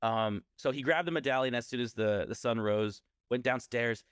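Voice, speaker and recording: A man's voice: mid-range voice, moderate pace, fairly bright tone, clear, resonant tone, no echo, studio quality. A man casually telling a scary story on a podcast, rambling and often correcting himself.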